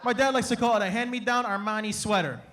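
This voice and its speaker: A young comedian from Canada with a strikingly high voice works a live crowd on stage. He is animated and playful, slipping into quick impressions of his family. A faint hum of room noise sits under his voice. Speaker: stand-up comedian. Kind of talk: stand-up comedy set.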